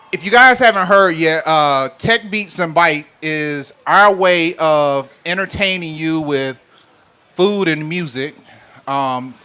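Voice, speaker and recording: A man's voice: a little high, pushed and bright. A man from Alabama, hosting a live show and teasing the audience in a casual, joking way. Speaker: host. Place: live event venue with an audience.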